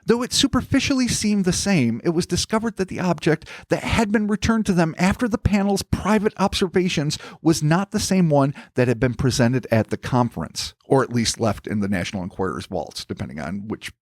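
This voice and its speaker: A man's voice: fairly high pitch, expressive, brisk, few pauses, no echo, studio quality. A man hosting a podcast, reading a scripted mystery story with wry, theatrical flourishes. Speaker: podcast host. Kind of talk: scripted narration with banter.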